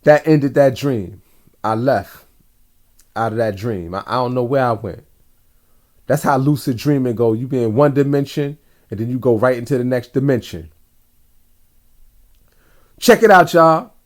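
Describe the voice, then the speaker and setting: A man's voice: medium pitch, animated, a little slow, pauses often. A man, a father, casually telling a rambling dream story straight to his viewers in slangy everyday talk. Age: adult father. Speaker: vlogger recounting dreams.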